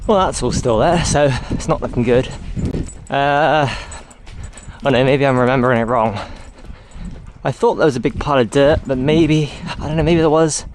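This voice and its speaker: A man's voice: mid-range voice, normal speed. A man rambling casually as he walks his dog along a road, talking to the camera and coaxing the dog. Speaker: vlogger. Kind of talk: casual walking vlog. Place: outdoors on a roadside walk. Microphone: handheld camera. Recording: noisy outdoor recording. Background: outdoor noise, dog.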